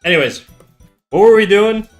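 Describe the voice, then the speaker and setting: A man's voice: high-pitched, animated, moderate pace, faint music behind. A man on a casual livestream, rambling, restarting sentences and cursing casually as he chats. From Canada. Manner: rambling, self-correcting, joking, swears casually. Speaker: streamer teaching drawing.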